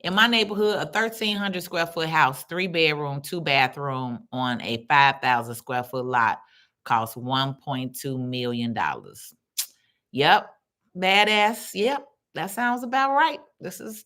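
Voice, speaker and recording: A woman's voice: on the low side, a little slow. A middle-aged woman, hosting a casual livestream and chatting through viewer comments. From Chicago. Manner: chatty, animated, reads comments aloud. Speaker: livestream host.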